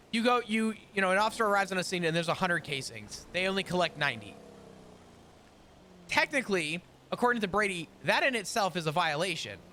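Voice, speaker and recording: A man's voice: sits high, pushed and bright. A man in casual roleplay chat, rambling through long explanations and laughing often. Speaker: roleplay character in a court case.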